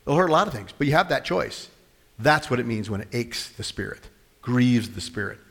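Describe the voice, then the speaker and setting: A man preaching to his congregation, his voice sitting in a mid range. He keeps shifting between forceful bursts and hushed asides, acting out the quotes as he goes. His words hang in the long reverb of a church hall. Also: medium pitch, fairly quick, gravelly, breathy edge. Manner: animated, swings from loud to soft, acts out quotes. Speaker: pastor. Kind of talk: sermon.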